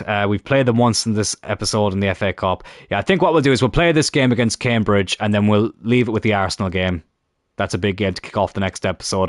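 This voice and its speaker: A man's voice: lowish voice, no echo, clean studio sound. A man casually commenting on a football management game, often grumbling and swearing at it. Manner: frustrated, muttering, swears at the game. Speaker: gaming YouTuber.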